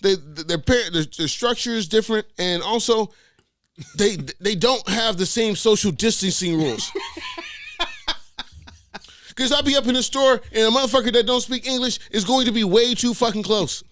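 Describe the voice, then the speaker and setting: A man's voice: sits high, normal speed, fairly bright tone, no echo. A man co-hosting a podcast in casual chat, joking and swearing, often stammering as he restarts. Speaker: podcast co-host.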